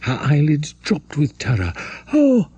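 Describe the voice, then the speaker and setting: A man narrating a classic novel in a dramatic, measured storytelling manner. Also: mid-range voice, sing-song, darkish tone, slightly rough, no room sound. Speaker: audiobook narrator.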